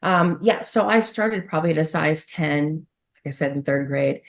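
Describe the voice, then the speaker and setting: A middle-aged woman, a former model, chats casually as a guest on a podcast in a low-pitched voice at a moderate pace. She tells stories in a chatty way, full of laughs and asides, in the style of a relaxed interview.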